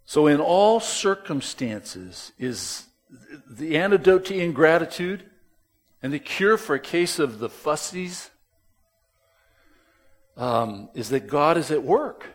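A man preaching a sermon as pastor, emphatic and conversational, swinging between loud stresses and soft drops, with asides to the congregation. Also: fairly high pitch, expressive, measured pace, pauses often.

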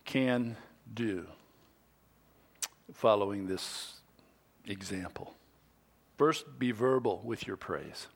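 Middle-aged man preaching conversationally. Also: medium pitch. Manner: conversational preaching with quoted asides, dropping to soft whispers. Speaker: pastor. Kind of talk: sermon.

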